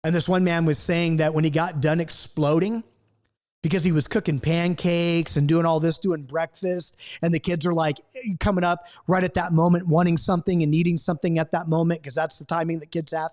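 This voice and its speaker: Animated high-voiced male Bible teacher. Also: fairly quick. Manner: acts out quoted outbursts, swings between loud and hushed. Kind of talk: impassioned Bible study talk to camera.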